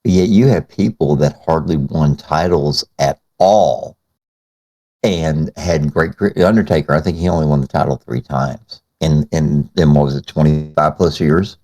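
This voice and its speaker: Very deep-voiced rambling podcast host. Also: male voice, unhurried, mellow. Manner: rambling, emphatic, fond of fillers. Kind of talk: casual podcast interview.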